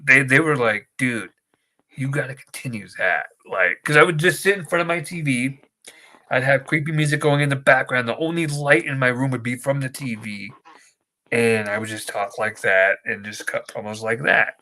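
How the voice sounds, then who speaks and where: A man's voice: medium pitch, moderate pace, pushed and bright. A man co-hosting a wrestling podcast, chatting casually and telling rambling, jokey stories. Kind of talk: casual chat.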